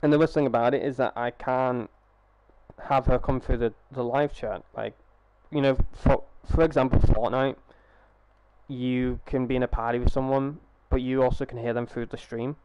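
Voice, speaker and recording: A man's voice: mid-range voice, steady tone, moderate pace, a little mellow, slight background noise. A young man chatting casually on a live gaming stream through a headset, rambling, swearing freely and restarting his sentences.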